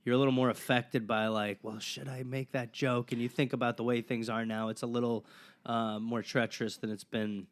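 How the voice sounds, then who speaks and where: A man's voice: medium pitch, flat delivery, a little fast. Rambling, filler-heavy male comedian guest. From Wisconsin, USA. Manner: rambling, full of fillers and restarts. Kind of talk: casual interview chat.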